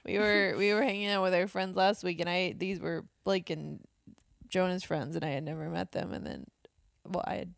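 A woman's voice: lowish voice, fairly even intonation, moderate pace, gravelly, dry recording, studio quality. A woman co-hosting a podcast in casual chat, giggling and playfully silly. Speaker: podcast co-host.

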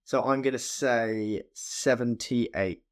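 A man's voice: mid-range voice, slow pace, clear, resonant tone. A man guessing in a film podcast quiz, hesitantly reasoning his way aloud to a number. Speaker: podcast co-host, quiz contestant. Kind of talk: casual film chat.

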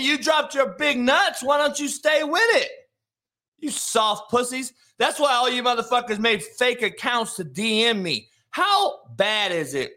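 A man hosting a live sports talk show, ranting combatively with heavy swearing and bursts of shouting. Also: high-pitched. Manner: profane, combative, shouting rants.

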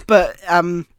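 A man's voice: sits high, fairly bright tone, no echo, studio quality. A man chatting casually as a podcast co-host, mostly reacting with short interjections. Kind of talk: casual chat.

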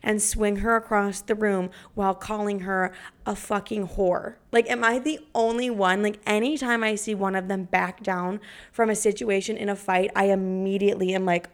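A woman's voice: mid-range voice, steady tone, normal speed. A young woman hosting a podcast, talking in a brash, profane, dramatic way. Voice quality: creaky. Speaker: podcast host. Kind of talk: casual podcast monologue.

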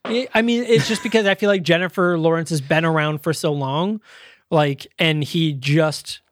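A man co-hosting a casual movie review chat, retelling scenes in an animated way. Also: fairly high pitch, a little hiss or hum. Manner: animated retelling, slipping into quick impressions. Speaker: podcast co-host.

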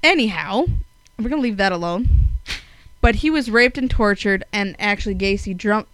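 A woman's voice: mid-range voice, normal speed, a bit bright, dry recording, low-quality recording. A woman from Wisconsin hosting a casual true-crime podcast, swearing freely and tripping over her words. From Wisconsin, USA. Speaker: podcast host.

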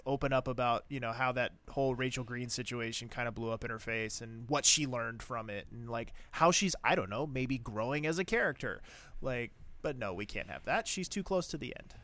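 A man talking casually on a podcast, rambling and circling back with lots of fillers. His voice sits at a middling pitch. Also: fairly bright tone. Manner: rambling, many fillers and restarts. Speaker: podcast co-host. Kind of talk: casual chat.

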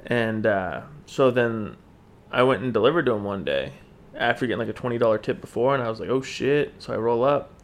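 A man co-hosting a podcast, telling a story in an animated, profane, slangy way. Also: fairly low pitch, a little fast. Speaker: podcast co-host. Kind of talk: casual storytelling chat.

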